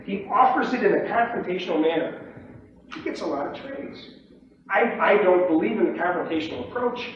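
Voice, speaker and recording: Animated man lecturing in an echoey room. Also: high voice, a little fast. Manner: animated, acts out pit shouts and mimics other traders. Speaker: trading instructor. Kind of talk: lecture to trainees. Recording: distant echoey room, dull lo-fi tape with faint hiss.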